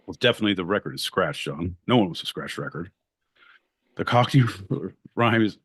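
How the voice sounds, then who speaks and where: A male podcast co-host in loud, profane, playful comedic banter. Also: deep voice, expressive, moderate pace, breathy edge, no echo.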